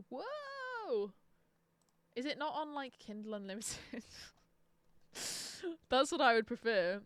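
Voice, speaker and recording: A woman's voice: mid-range voice, smooth, dry recording. A young woman chatting casually on a live stream, sarcastic and swearing freely. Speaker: book streamer.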